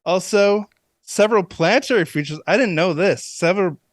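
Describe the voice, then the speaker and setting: A man's voice: on the high side, dry recording. A man co-hosting a casual podcast chat, reading trivia items aloud with many fillers. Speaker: podcast co-host.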